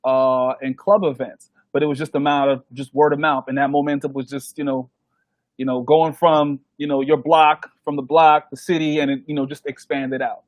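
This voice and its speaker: A man, a DJ guest telling stories in a casual interview, animated and acting out the voices of people he quotes. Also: fairly high pitch, moderate pace, no echo. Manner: animated, acts out quoted voices, laughs often.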